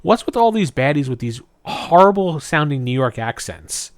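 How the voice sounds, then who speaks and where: A man with a fairly high voice chats casually on a podcast, recapping a cartoon episode. He retells it in an animated way and slips briefly into the characters' lines. The recording is dry and close. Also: moderate pace, dry recording. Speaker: podcast co-host.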